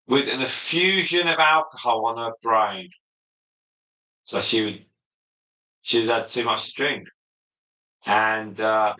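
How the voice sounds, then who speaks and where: Reading out viewer comments one at a time and responding to them, a man hosts a laid-back livestream. His mid-range voice has a very bright, sharp edge and rings in an echoey space.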